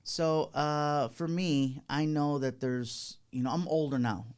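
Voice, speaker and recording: A man's voice: a little high, slow pace, smooth. A middle-aged Mexican-American man, a comedian guest telling stories in a casual interview and acting out quotes. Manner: animated storyteller, acts out quotes.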